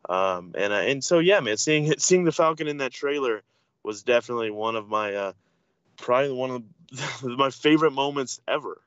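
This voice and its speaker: A man co-hosting a podcast in casual chat, enthusiastic and halting, often restarting his sentences. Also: medium pitch, lively intonation, a bit bright, smooth, no echo. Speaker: podcast co-host. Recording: dull dry lo-fi mic.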